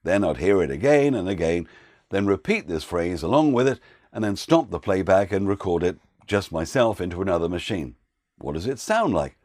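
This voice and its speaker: A man who works as a voiceover coach, giving an instructional talk with clear, patient explanations. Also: low-pitched, sing-song, moderate pace, darkish tone, dry recording, clean studio sound.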